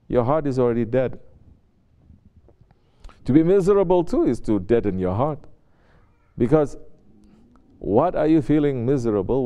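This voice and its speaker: With a slightly high voice of dark tone, this man preaches as a Sufi sheikh, keeping the spiritual sermon conversational. He asks his listeners rhetorical questions and performs the quotes he cites.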